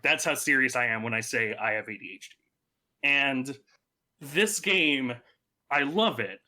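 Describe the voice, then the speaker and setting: Casting: male podcast co-host, bright tense voice, rambling and loose. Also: medium pitch. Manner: rambling with many fillers, laughs often. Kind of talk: casual chat.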